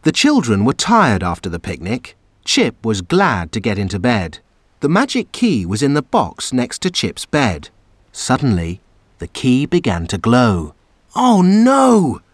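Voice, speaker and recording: A man narrating a children's storybook aloud in an expressive, animated way. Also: fairly low pitch, unhurried, no echo.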